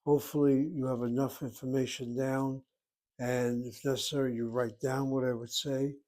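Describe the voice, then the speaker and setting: A man teaching a Hebrew lesson, explaining slowly and carefully and sounding out words. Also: mid-range voice, little pitch movement, mellow. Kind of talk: slow classroom lesson.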